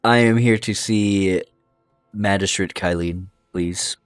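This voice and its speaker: A man voicing a smooth, flirtatious male rogue who speaks in slow, theatrical flattery. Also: low-pitched, dry recording, studio quality, faint music behind. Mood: formal. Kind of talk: tabletop role-play voicing.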